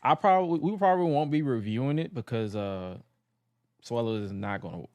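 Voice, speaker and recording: A man's voice: medium pitch, animated, brisk, darkish tone, no echo. A man co-hosting a podcast, chatting casually about wrestling, loose and rambling, tripping over names. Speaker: podcast co-host.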